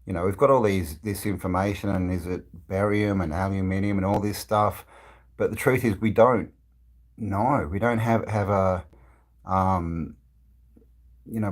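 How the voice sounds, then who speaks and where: A man hosting a casual live stream, reading viewers' comments aloud and rambling with many fillers and restarts. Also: low voice. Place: indoors, travelling.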